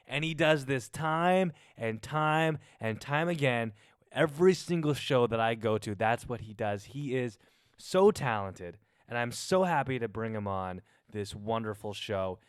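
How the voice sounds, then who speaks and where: A man hosts a podcast from his home garage, talking with hyped, playful energy. His voice is smooth and resonant. The sound is dry and close, with no room echo. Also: medium pitch. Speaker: podcast host. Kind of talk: solo podcast intro. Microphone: studio microphone through a mixer.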